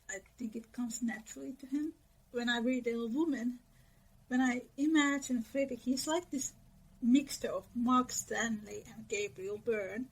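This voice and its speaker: A woman's voice: fairly high pitch, husky, low-quality recording. A woman guest chatting casually and reflectively about books. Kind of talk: casual chat.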